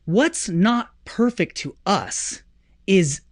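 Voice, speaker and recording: A man in his thirties tells a story on a business talk show in an animated, chatty way. His pitch swings widely as he acts out the people he quotes. The sound is dry and close, with no room around it. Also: very slow, no echo. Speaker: podcast host. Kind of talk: casual storytelling chat.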